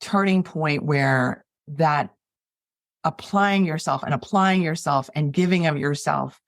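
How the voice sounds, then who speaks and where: A woman hosting an interview podcast, asking encouraging questions in a warm manner. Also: low-pitched, takes it slowly, dry recording, clean studio sound. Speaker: podcast host. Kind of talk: casual interview.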